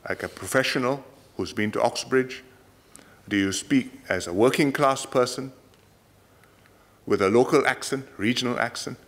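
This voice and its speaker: Singaporean man giving a lively parliamentary speech. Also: mid-range voice. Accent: Singaporean English. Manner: measured, emphatic delivery in short phrases. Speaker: politician. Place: parliament chamber.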